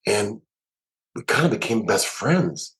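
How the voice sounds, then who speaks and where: Animated male musician telling stories. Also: fairly low pitch, slow pace, low-quality recording. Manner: animated, emphatic, repeats words as he tells stories. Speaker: musician and producer guest. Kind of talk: storytelling interview.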